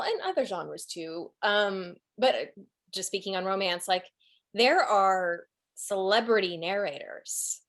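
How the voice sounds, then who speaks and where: A woman's voice: medium pitch, fairly bright tone. A woman who narrates and produces audiobooks, talking casually in an interview and rephrasing her thoughts as she goes.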